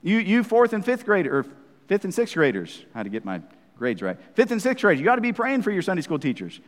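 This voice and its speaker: A man's voice: high voice, huge pitch swings, fast talker, big-room sound. A man preaching a sermon as pastor, talking conversationally to the congregation and often checking in with "right?" asides.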